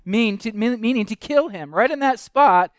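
Male pastor, high smooth voice, dry close sound, conversational sermon with rising emphasis. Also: lively intonation, normal speed, dry recording. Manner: conversational preaching, rhetorical questions, rising emphasis.

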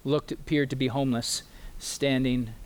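A pastor preaching an earnest sermon to his congregation in a church. He pleads with his listeners in slow, emphatic phrases and tells them a story. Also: medium pitch, little pitch movement, slight background noise.

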